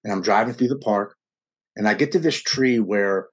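Guy in his 40s, lowish voice, talks earnest and emotional, keeps tripping over words and starting again. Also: normal speed, slightly rough. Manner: earnest and emotional, with frequent stammered restarts. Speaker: guest sharing a recovery story. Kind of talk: personal storytelling in conversation.

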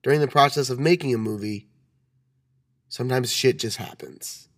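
A man co-hosting a film podcast, his voice a bit raspy and tired from a cold, rambling with lots of ums and restarts. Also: medium pitch, normal speed. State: recovering from a cold. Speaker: podcast co-host. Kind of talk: casual chat.

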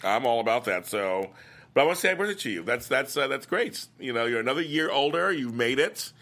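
Chatty older man with a bright voice. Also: mid-range voice, fast. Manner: chatty, animated, laughs often, acts out lines. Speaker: host of a soap opera after-show. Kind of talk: casual recap chat reading viewer comments.

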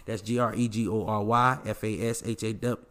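A man's voice: lowish voice, flat delivery, normal speed, fairly bright tone. A man in his forties hosting a podcast, giving emphatic, preachy life advice in casual slang and repeating lines for effect. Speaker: podcast host. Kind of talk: motivational casual podcast talk.

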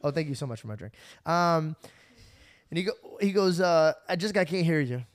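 A young man hosts a casual podcast, rambling through a story full of restarts and bursts of laughter. His voice sits a little high for a man, and he sounds tired from a night without sleep. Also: expressive, moderate pace. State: running on no sleep. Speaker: podcast host.

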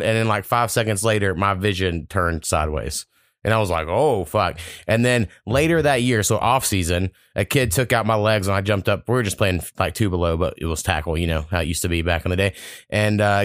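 A man's voice: fairly low pitch, fairly quick, fairly bright tone, dry recording, studio quality. A young man, hosting a casual podcast and telling long, profane, rambling stories. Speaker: podcast host.

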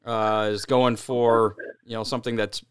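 Smooth-voiced racing podcast host. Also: male voice, mid-range voice, moderate pace, no echo, clean studio sound. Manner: relaxed, filler-heavy questions. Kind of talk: casual interview.

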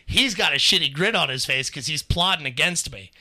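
A man's voice: fairly high pitch, expressive, fairly quick, pushed and bright. A young man from Northern Kentucky telling stories in a casual podcast chat, acting out quotes and laughing often. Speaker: podcast co-host.

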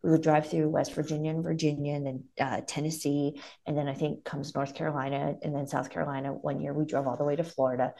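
Comedian lady from ohio, low gravelly voice, lively and encouraging. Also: fast, few pauses. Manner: animated and encouraging. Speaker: stand-up comedian. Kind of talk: casual chat.

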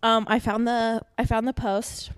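A woman with a somewhat high voice, co-hosting a podcast in loose, casual chat. She tells stories quickly and acts out other people's lines. The sound is close and dry, with no room echo. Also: little pitch movement, smooth. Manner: chatty storyteller, acts out quoted lines. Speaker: podcast co-host. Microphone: podcast microphone.

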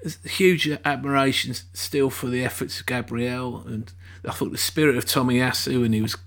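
A man's voice: mid-range voice, fairly even intonation, moderate pace, creaky, fairly bright tone. A middle-aged man hosting a casual football chat, rambling through his points with many restarts. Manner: rambling, full of fillers and restarts.

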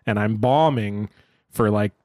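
A man's voice: fairly low pitch, measured pace, a little mellow, dry recording, clean studio sound. A man in his thirties, a stand-up comedian, chatting casually and retelling his jokes in a wry, self-mocking way. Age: 30s. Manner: wry, self-mocking, acts out quoted people.

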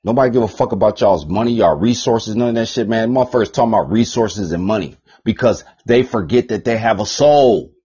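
A man hosting a podcast, ranting in a profane, rambling monologue, repeating himself and swinging between loud bursts and mutters. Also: lowish voice, a little fast, few pauses, slightly rough. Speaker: podcast host. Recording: dull lo-fi podcast recording.

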